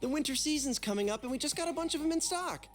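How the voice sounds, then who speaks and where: A man voicing a brash, loyal teenage boy in an English video game dub, talking in an excitable, blunt way. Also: very high voice, quick pace, faint music behind. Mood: excited.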